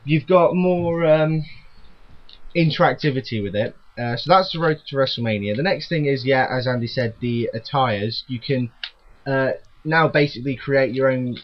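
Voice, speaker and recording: A man's voice: medium pitch, normal speed, lo-fi sound. A young man co-hosting a podcast, chatting casually and laughing a lot through jokey banter. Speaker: podcast co-host. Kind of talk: casual chat.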